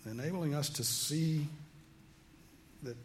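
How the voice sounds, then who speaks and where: A man's voice: a little high, slow pace, a little hiss or hum. A man preaching a sermon, reading scripture aloud and explaining it with rising emphasis. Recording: long hall reverb, faint ambience.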